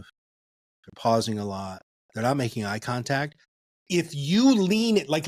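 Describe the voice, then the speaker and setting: A middle-aged man, a guest author and speaker, explaining listening skills in an animated, emphatic way with big swings in pitch and pace. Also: no room sound.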